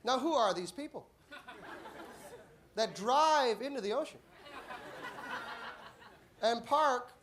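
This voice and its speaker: High bright male stand-up comic. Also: takes it slowly, long pauses, slight background noise. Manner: deadpan setups, sudden shouted punchlines. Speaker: stand-up comedian. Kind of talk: stand-up comedy routine. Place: comedy club stage. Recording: live club audience laughing. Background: audience laughter and applause.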